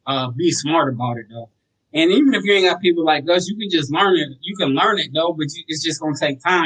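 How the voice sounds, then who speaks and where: A man with a slightly high voice talks about running sober homes in relaxed, slangy podcast chat. He keeps returning to short stories and acts out the lines of other people. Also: poor audio. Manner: relaxed, slangy, tells stories with acted quotes. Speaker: guest, sober home operator. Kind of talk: casual podcast talk.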